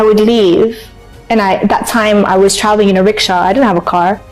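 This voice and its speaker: A young woman from Canada telling her life story in an interview, animated and emotional, acting out what people said. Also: mid-range voice, normal speed, soft background music, rough recording. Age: young adult. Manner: animated, emotional, acts out quotes. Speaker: interview guest. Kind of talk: personal storytelling.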